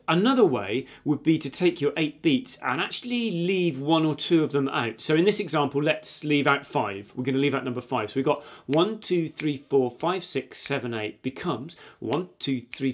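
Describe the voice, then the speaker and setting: A man's voice: mid-range voice, slight background noise. A man teaching a guitar lesson, patiently counting beats aloud and explaining strum directions while he plays. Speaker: music teacher. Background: guitar playing.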